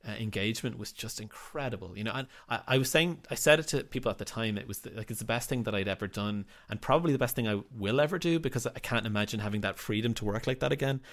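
A man's voice: mid-range voice, fast talker, hardly any pauses, fairly bright tone. A man, the writer and director of a drama, answering interview questions in a reflective, rambling way with frequent restarts. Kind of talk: casual interview talk.

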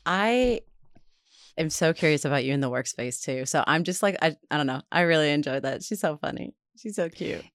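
A woman co-hosting a podcast in casual chat, reacting with quick, supportive interjections. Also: low-pitched, animated, no echo, clean studio sound. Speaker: podcast co-host.

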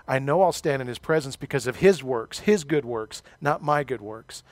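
A man's voice: fairly high pitch, no room sound. A middle-aged male pastor preaching a sermon, telling a personal story with self-deprecating humor.

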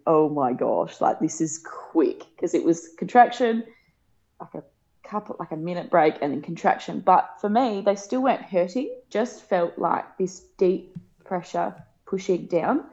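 A woman, telling a personal story in a casual chat, emotional and laughing often, acting out quoted lines in a higher voice. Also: animated, normal speed, a little mellow. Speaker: guest. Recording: dull lo-fi podcast sound.

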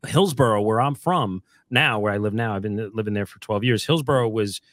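A man hosting a podcast, talking in a rambling, halting way with many restarts. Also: lowish voice, fairly bright tone, dry recording. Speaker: podcast host. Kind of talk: casual podcast chat.

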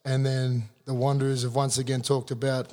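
An Australian man in his thirties, appearing as a guest, spins a blunt, sweary yarn in casual conversation, animated throughout. His voice sits in the mid-range and moves fairly quickly. The sound carries the feel of a large hall.

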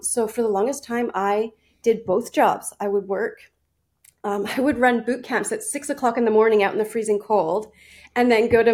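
A woman's voice: mid-range voice, a little mellow. Chatty woman coach telling her story. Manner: chatty, laughs often, many restarts. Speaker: guest nutrition and fitness coach. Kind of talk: casual interview storytelling.

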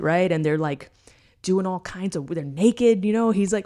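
A woman's voice: fairly low pitch, fairly quick, a little mellow. A woman co-hosting a podcast, retelling a story in casual, profane chat and checking in with "right?" after almost every point. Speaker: podcast co-host.

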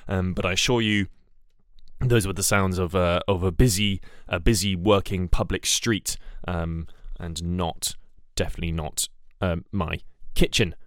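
A man's voice: low-pitched, fairly even intonation, normal speed, no echo, studio quality. A man hosting a comedic podcast, rambling and hesitant, with a self-deprecating manner. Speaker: podcast host.

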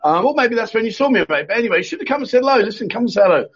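Racing along with lively intonation, this man's extremely high, slightly rough voice carries a casual live chat show where he reads out viewer comments and banters jokily with his co-host, often restarting. The audio is dull lo-fi stream sound.

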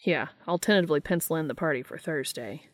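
A woman's voice: low voice, fast, no room sound, close to an everyday voice. A woman reading a fan story aloud, voicing a weary, wisecracking grown man with dry, wry quips.

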